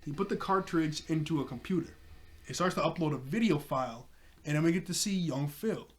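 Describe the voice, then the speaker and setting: A man casually recapping a cartoon episode in an excited, rambling way, full of fillers. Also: on the high side, brisk. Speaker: TV episode reviewer.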